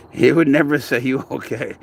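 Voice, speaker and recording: A man's voice: mid-range voice, unhurried, creaky, a little hiss or hum. A man filming his cat at an outdoor playground, chatting casually with profane, exasperated banter. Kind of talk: casual vlog chat.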